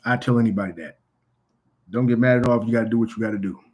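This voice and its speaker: A man's voice: mid-range voice, steady tone, racing, a little mellow, a little hiss or hum, low-quality recording. Blunt cursing guy ranting to his camera, repeats himself a lot, regular mid voice. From California. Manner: profane, blunt, repetitive. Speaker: vlogger. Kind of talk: casual ranting monologue.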